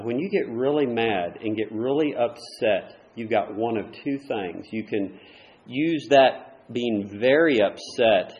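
A man preaching a sermon, moving between loud, emphatic points and quieter asides. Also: lowish voice, roomy sound. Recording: dull lo-fi recording.

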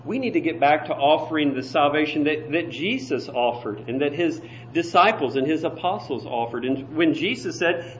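A man preaching an evening sermon, emphatic and slowing down to stress key phrases. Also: fairly high pitch, expressive, a little hiss or hum. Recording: dull lo-fi recording.

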